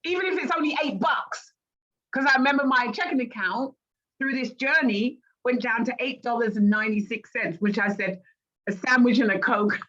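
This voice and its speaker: Speaking at a normal speed in a voice on the high side, this middle-aged woman from Great Britain shares her life coach story as a guest. She gets animated, performing the voices of people she quotes, over dull lo-fi sound.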